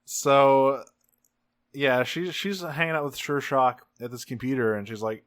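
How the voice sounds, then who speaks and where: A man co-hosting a podcast, recapping an episode in a rambling, profane, animated way. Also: medium pitch, unhurried, no room sound, clean studio sound. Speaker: podcast co-host. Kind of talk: casual episode recap chat.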